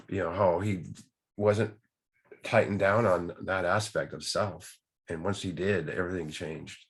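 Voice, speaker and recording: Earnest study-group leader, man, husky and low, likes rhetorical questions. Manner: earnest, rhetorical questions, repeats key words. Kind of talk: informal teaching on a recovery text.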